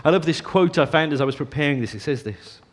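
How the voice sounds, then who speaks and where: A man preaching a sermon, earnest, often dropping to a soft hush on key phrases. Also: on the high side, animated, quick pace.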